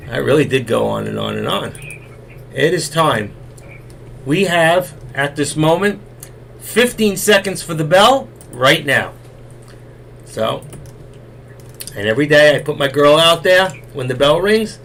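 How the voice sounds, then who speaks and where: A man's voice: fairly high pitch, lively intonation, unhurried, vocal fry, long pauses, fairly bright tone, slight background noise. A middle-aged man hosting a live stream, telling rambling folksy stories and losing his voice. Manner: chatty, folksy, repeats himself. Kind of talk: rambling casual storytelling.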